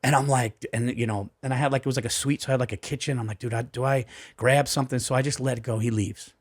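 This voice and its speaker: A man, a comedian on a podcast, telling a story in an animated, profane way and acting out the voices of the people in it. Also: medium pitch, fast, breathy edge. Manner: profane, excitable, acts out voices. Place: podcast studio. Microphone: studio mic.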